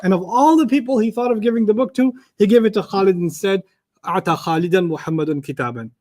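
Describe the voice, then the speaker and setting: A man's voice: high-pitched, racing. Man teaching an Arabic lesson. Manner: explains with lively made-up examples, asks the class questions. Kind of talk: classroom lecture.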